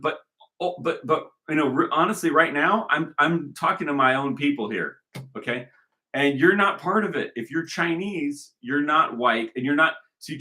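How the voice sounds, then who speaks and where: A man holds forth in a rambling monologue, often circling back and repeating himself. His voice is bright and forceful. His pitch swings widely as he argues his point. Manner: emphatic, repetitive, argumentative. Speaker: commentator.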